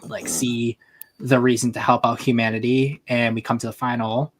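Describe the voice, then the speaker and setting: A man's voice: mid-range voice, level tone, normal speed. A man hosting a livestream over online voice chat, chatting loosely and summing up a fan story with fillers and restarts. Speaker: livestream host.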